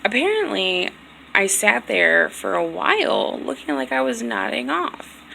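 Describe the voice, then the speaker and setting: A woman's voice: mid-range voice, huge pitch swings, unhurried, vocal fry, bright, forceful tone, a little hiss or hum, rough recording. A woman vlogger telling a long story casually, rambling, full of "like" and swearing, sounding tired and hurt. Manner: rambling, heavy on "like", frequent swearing.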